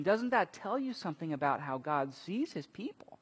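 A man preaching a sermon, telling stories and acting out quotes with sudden loud bursts. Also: high voice, normal speed, few pauses, husky. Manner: animated storytelling, acts out quotes with big swings in loudness. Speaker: pastor. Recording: long reverb of a large hall.

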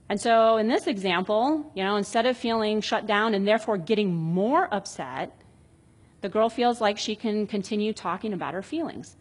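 A woman in her thirties gives casual, explanatory parenting advice at a normal speed and a relaxed pace. Her husky voice has a breathy edge and sits mid-range for a woman. She often reads short example dialogues aloud in a reflective, conversational tone.

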